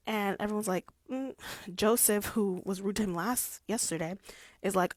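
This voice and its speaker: A woman's voice: medium pitch, lively intonation, no room sound. Chatty young woman recapping a book. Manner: chatty, playful, acts out characters with quick voices. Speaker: book vlogger. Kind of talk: casual chat.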